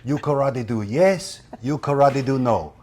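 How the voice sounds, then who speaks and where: A man playing a calm old karate master. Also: mid-range voice, measured pace, voice pushed up. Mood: teaching. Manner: clipped broken English, sing-song proverbs. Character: wise elderly male karate teacher, calm.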